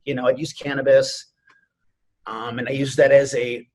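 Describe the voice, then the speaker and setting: A man's voice: medium pitch, level tone, moderate pace, a little mellow. A man in his forties, a martial arts instructor and podcast guest, telling a personal story in an earnest, rambling way with lots of "you know" fillers.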